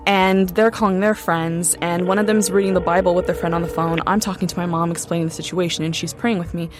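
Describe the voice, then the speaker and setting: A woman's voice: lowish voice, fairly even intonation, quick pace, few pauses. A young woman casually recounting a true ghost story in a chatty way, full of "like" and "um" fillers. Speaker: guest storyteller.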